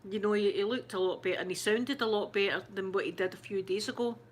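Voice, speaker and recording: A Scottish woman hosting her channel, chatting casually to viewers, shaken and close to tears, stumbling and restarting as she talks. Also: mid-range voice. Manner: halting, shaken, many restarts and fillers. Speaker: ASMR channel host. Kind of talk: casual live chat.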